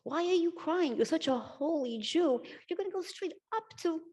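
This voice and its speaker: A woman voicing a group of young male disciples who plead with their dying teacher in an incredulous, high-pitched way. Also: expressive, moderate pace, a little mellow.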